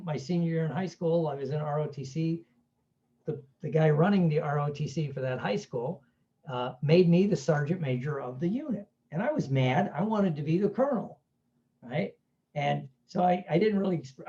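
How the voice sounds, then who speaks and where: A man's voice: a little high, dark tone, muffled recording. A man giving a casual self-help talk, telling stories in a chatty way and often asking "right?". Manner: chatty, keeps asking "right?", acts out quoted voices.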